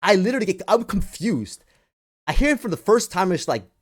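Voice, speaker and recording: A man's voice: sits high, big pitch swings, fast talker. Sarcastic, exasperated ranting man. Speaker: crypto commentator. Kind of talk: ranting video monologue.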